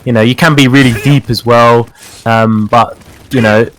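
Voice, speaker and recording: A man's voice: mid-range voice, steady tone, normal speed, a bit bright. A man with a British accent, a guest specialist chatting casually through a fighting-game tutorial with many fillers and repeated words. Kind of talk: casual gaming tutorial chat.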